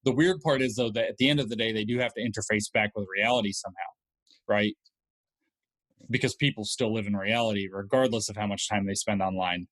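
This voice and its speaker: A man's voice: fairly low pitch, fairly quick, fairly bright tone, dry recording. A man speaking as a podcast guest, explaining ideas thoughtfully with frequent fillers. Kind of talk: casual conversational podcast.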